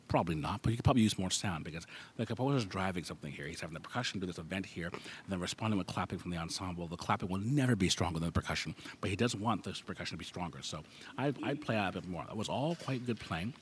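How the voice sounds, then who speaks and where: A man with a low voice speaks quickly into a handheld microphone, adjudicating a school band. He gives frank, detailed notes and sings rhythms aloud to demonstrate them. A faint ambient hum sits under his voice. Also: fairly bright tone. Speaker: music festival adjudicator. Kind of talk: spoken feedback to a school band.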